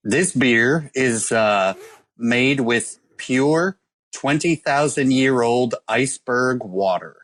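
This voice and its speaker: Slow, low-voiced man telling a story. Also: fairly bright tone. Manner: rambling storytelling with many ums and uhs. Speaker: podcast co-host presenting a beer. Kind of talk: casual podcast chat. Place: calling in from abroad.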